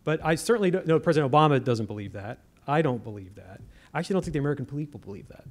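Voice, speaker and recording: A man with a fairly high voice speaking on a public debate panel. He argues earnestly and often stops to restart a phrase or add a filler as he works through his point. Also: lively intonation, racing. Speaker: debate panelist, former government official.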